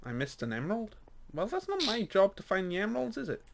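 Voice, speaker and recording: A man's voice: high-pitched, huge pitch swings, fast talker, creaky, background noise. A man chatting casually with friends as they play a game, laughing often, exclaiming and teasing. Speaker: gamer playing with friends. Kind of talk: casual gaming chat.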